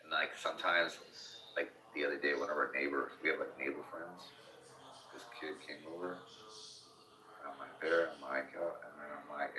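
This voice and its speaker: Very deep-voiced man, bright and roomy. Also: moderate pace. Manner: profane, animated, jumps up into mock shouting when quoting himself. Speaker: podcast host. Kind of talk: casual podcast chat. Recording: echoey room.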